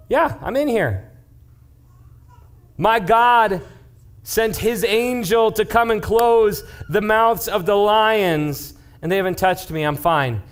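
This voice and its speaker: A man's voice: high voice, slow pace, pauses often, pitched above the performer's own voice. A man doing a breezy, unbothered old prophet. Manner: breezy, upbeat reassurance. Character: calm unshaken ancient prophet, man.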